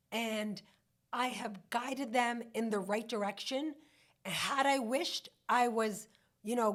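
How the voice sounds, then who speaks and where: A woman in her forties, a mortgage broker telling her own story on a podcast in a candid, heartfelt way, often saying "you know". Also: on the high side.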